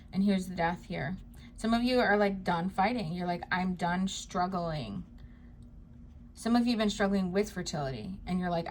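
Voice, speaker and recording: A woman giving a tarot card reading to her viewers, talking to them directly in a soft, reassuring way. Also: on the low side, slight background noise. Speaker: psychic tarot reader.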